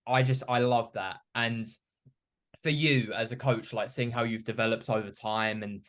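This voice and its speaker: A man's voice: mid-range voice, steady tone, normal speed, a bit bright. A young man hosting a podcast, talking reflectively in a rambling way full of "you know" and "like". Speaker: podcast host. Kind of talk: casual podcast chat.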